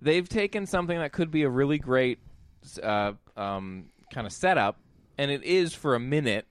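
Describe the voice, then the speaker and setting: Profane, animated man recapping a movie. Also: mid-range voice, normal speed, clear, resonant tone, dry recording. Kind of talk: casual movie review chat.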